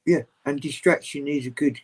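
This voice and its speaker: A man chatting casually as a guest on a livestream video call, rambling, open and animated. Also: on the high side, moderate pace, poor audio. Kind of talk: casual chat.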